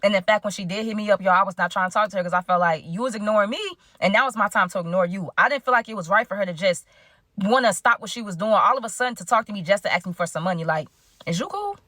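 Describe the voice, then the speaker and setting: A woman's voice: mid-range voice, fast talker, no echo, clean studio sound. A woman telling a casual story time to her chat, acting out the quoted dialogue. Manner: animated, acts out quoted dialogue.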